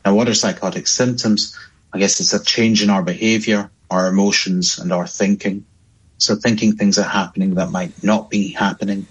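Psychiatrist guy explaining stuff calmly, raspy low voice, sounds dull and lo-fi. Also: moderate pace. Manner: calm, explanatory. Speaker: psychiatrist guest. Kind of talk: explanatory interview answers.

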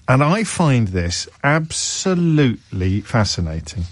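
A middle-aged man hosting talk radio, chatty and wry as he wanders off on tangents and pokes fun at himself. His voice sits at an ordinary pitch and sounds close and dry, with no room around it. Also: very animated, slow pace, no room sound. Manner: chatty, wry, digressive, self-mocking asides. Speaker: radio phone-in host. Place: radio studio. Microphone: studio microphone.

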